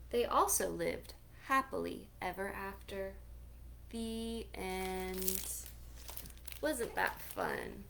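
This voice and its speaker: A woman librarian reading a picture book aloud for children at storytime, animated, gasping and asking listeners questions. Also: medium pitch, creaky, slight background noise.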